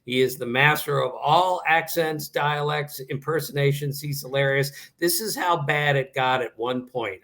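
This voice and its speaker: Older man from Maryland, guest analyst, fairly high voice, tells anecdotes with lively energy, casual interview talk. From Maryland area. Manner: animated anecdotes, quoting people.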